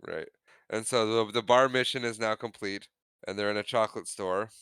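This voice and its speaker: Guy on a podcast retelling movie scenes, lowish voice, bright and smooth, doing the lines. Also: normal speed, no echo. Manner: retells scenes acting out quotes. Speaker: podcast co-host. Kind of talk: casual movie recap chat.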